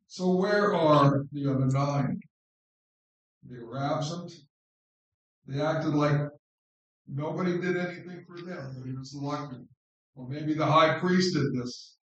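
Slow, echoey preaching man. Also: fairly high pitch. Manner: unhurried, conversational, repeats words for stress. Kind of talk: informal sermon on scripture. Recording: very echoey room, distant mic.

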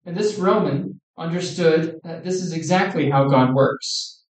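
A man preaching a sermon in an earnest, measured way, quoting scripture. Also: fairly high pitch. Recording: echoey room, distant mic.

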